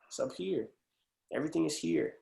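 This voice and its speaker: A man from the Pacific Northwest of the US, an actor speaking as a guest in a casual webinar interview, animated and slangy. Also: mid-range voice, brisk, gravelly. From Portland, Oregon, USA. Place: video call. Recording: roomy echo.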